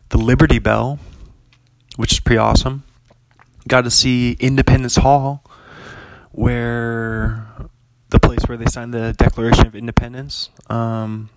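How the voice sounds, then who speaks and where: There's no echo as this young podcast host chats casually, his medium-pitched voice creaky. He rambles, leans on plenty of fillers, and laughs often.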